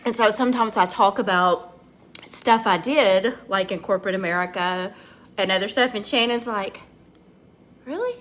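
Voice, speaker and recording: A woman's voice: medium pitch, moderate pace, fairly bright tone, slight background noise. A middle-aged woman, chatting and rambling through a casual makeup tutorial and talking to her viewers by name. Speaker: makeup vlogger.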